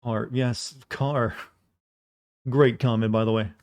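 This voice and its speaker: A man's voice: medium pitch, steady tone, slow pace, a little mellow. A man streaming a game, chatting casually with viewers in a sleepy, drawling way. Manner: sleepy, drawling, greets chat.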